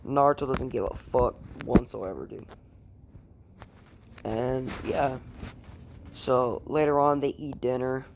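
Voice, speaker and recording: A man's voice: medium pitch, steady tone, takes it slowly, creaky, long pauses, a little mellow, slight background noise. A man casually retelling a fan story at home, rambling and swearing, with lots of fillers. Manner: rambling, profane, heavy with fillers. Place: room at home.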